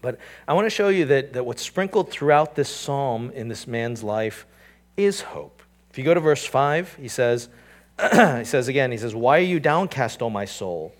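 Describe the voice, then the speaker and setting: Pastor preaching, hushed to emphatic. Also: male voice, animated, normal speed. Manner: swings from hushed, low scripture reading to raised, emphatic preaching; repeats and restarts phrases, asks the congregation rhetorical questions. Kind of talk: sermon.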